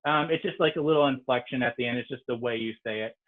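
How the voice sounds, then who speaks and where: A man with a mid-range voice speaks fast through a video-call microphone, the audio sounding tinny. Teaching French online as a native English speaker, he explains in a casual way, saying "um" often.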